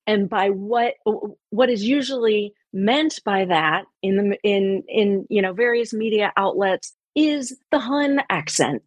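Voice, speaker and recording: A woman's voice: medium pitch, no echo. A woman from the Baltimore area, speaking as a linguist guest, explaining in an articulate and enthusiastic way. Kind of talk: conversational explanation.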